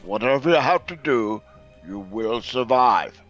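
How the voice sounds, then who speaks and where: A man voicing a grave, low-voiced captive father. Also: animated, unhurried, a bit bright, lo-fi sound, soft background music. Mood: urgent.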